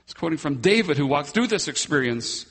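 A man preaching a sermon as pastor, slow and emphatic, with long dramatic pauses. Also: a little high, big pitch swings, a bit bright, husky, big-room sound.

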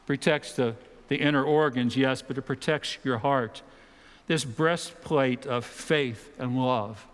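A man's voice: mid-range voice, smooth. Man preaching in a reverberant hall. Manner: conversational preaching with dramatic pauses and mock voices. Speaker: pastor. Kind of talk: sermon. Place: church auditorium.

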